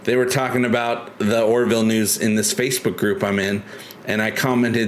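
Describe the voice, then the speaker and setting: A man's voice: fairly low pitch, flat delivery, moderate pace, a little hiss or hum. A man hosting a casual live stream, chatty and joking, who rambles and restarts his sentences often. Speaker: livestream host.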